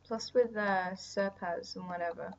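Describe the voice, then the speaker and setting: Drowsy and yawning, a young artist chats her way through a stream of her drawing, rambling and sometimes trailing off into soft sighs and whispers. She speaks at a medium pitch with fairly even intonation and a measured pace, over a slightly dull mic with faint hiss.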